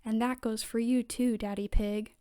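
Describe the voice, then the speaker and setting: A woman reading aloud, voicing a brisk, friendly female rabbit librarian. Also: on the high side, little pitch movement, mellow, smooth, natural voice.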